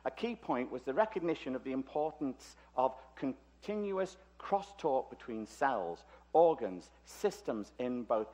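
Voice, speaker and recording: This Liverpudlian speaker, British English in accent, presents a conference talk in a conference hall with joking, conversational digressions. His medium-pitched voice is sing-song and darkish, at a measured pace.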